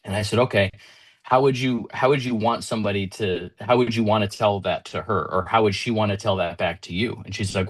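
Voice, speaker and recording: A man's voice: on the low side, fairly even intonation, brisk. A man in his thirties giving an earnest motivational talk, retelling conversations with his young daughter in small shifts of voice. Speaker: motivational speaker.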